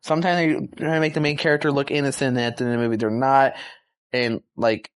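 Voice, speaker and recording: A young man casually reviewing a movie, excited and rambling, full of slang and fillers. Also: mid-range voice, quick pace, smooth.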